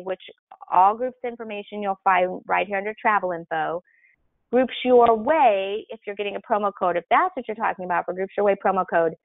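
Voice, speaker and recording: A woman presenter walks through her answers in a clear, helpful manner. Her voice reaches us over a tinny, phone-like line. The sound is dry, with no room around it. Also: medium pitch, dry recording. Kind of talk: webinar Q&A explanation.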